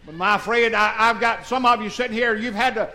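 Male pastor in his 60s, high, ringing voice, moves between shouted preaching and near-tearful confession. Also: fairly even intonation, brisk, poor audio. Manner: swings from shouted preaching to soft, tearful confiding. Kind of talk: emotional sermon. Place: church sanctuary.

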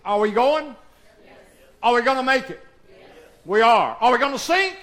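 A man preaching a call-and-response sermon in a church, firing questions at the congregation and swinging between hushed and shouted lines. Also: extremely high pitch, animated, normal speed, long pauses. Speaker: pastor.

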